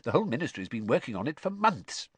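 A man's voice: medium pitch, big pitch swings, fast talker, slightly rough, no echo. A man voicing a weary, kindly middle-aged father patiently explaining things.

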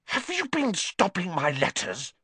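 A man's voice: high-pitched, huge pitch swings, unhurried, sharp tone, breathy edge, no room sound, voice pushed up, heavily acted. A man doing an earnest, urgent boy wizard. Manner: urgent, defiant. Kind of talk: audiobook character voice.

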